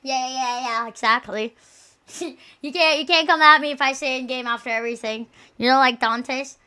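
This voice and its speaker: A young adult woman streaming and chatting casually, loud, crude and joking, swearing often. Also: sits high, moderate pace, clear, resonant tone.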